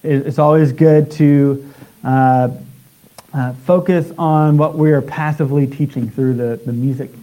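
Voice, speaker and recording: A man preaching a sermon in a halting way, with many restarts and filler sounds. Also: a little high, fairly even intonation, lo-fi sound.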